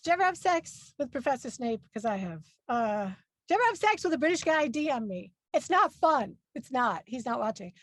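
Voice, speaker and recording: A woman in her forties doing stand-up, brash and punchy. Her voice sits high and swings widely in pitch. The sound is dry and close, with no room echo. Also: sing-song, fairly quick. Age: 40s. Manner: brash, punchy delivery with exaggerated voices for parents. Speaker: stand-up comedian. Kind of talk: stand-up comedy set.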